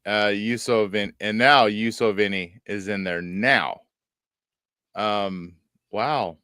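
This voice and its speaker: A man's voice: on the low side, takes it slowly, bright, forceful tone, smooth, dry recording, clean studio sound. A man hosting a casual gaming podcast, talking in a playful, joking way. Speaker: podcast host. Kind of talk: casual chat.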